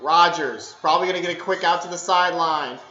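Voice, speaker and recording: A man streaming live play-by-play of a game as a fan, talking casually and getting excitable, shouting at the big plays. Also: fairly high pitch, fairly quick. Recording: echoey, dull lo-fi room with background noise.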